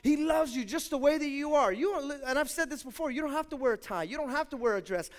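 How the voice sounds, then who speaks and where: A man with an extremely high-pitched voice preaches a sermon fast. As pastor, he speaks emphatically to his congregation, trading quiet asides for loud declarations and back again.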